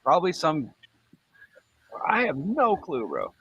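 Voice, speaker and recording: A man's voice: a little high, wildly swooping pitch, a bit bright, husky, dull audio. A male guest on a live stream, talking defensively with heavy profanity. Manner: profane, defensive, fast talk. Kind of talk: heated casual chat.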